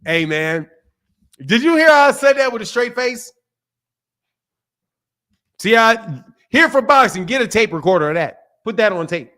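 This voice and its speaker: A man's voice: very high voice, animated, moderate pace, long pauses, sharp tone. A man with a Philadelphia accent hosting a casual boxing livestream, reading super chats in a playful way and repeating phrases.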